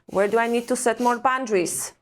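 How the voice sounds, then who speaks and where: A woman's voice: on the high side, brisk. A woman from Europe, a parenting coach talking earnestly and emphatically as a podcast guest, full of searching questions. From Eastern Europe. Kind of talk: reflective podcast interview talk.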